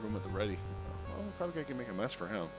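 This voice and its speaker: A man's voice: fairly low pitch, racing, loud music behind the voice. A man streaming a retro adventure game live, reading its text aloud and chatting to viewers. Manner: animated, swings between reading and reacting. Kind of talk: live game playthrough with narration read aloud.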